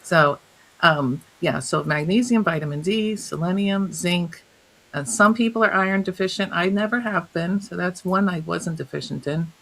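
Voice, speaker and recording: A woman guest, a health coach, telling stories in an interview, animated and laughing often as she acts out what others said. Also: fairly low pitch, moderate pace, gravelly, poor audio. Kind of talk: storytelling in an interview.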